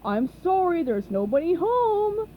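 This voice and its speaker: A woman voicing a dim-witted, boisterous male starfish in a storybook reading, loud, dopey and drawn-out. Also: high-pitched, big pitch swings, dull audio, a little hiss or hum. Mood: bluffing.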